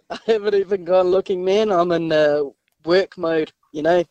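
A man's voice: sits high, steady tone, moderate pace, a little mellow, dry recording, dull audio. A man with a New Zealand accent calling in, laid-back and laughing, his voice altered by a disguiser. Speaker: caller.

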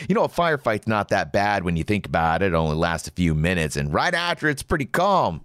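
A man's voice: deep voice, very animated, brisk, hardly any pauses, a bit bright, dry recording, clean studio sound. A man hosting a podcast, delivering an opinionated monologue in a sarcastic, ranting way. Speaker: podcast host.

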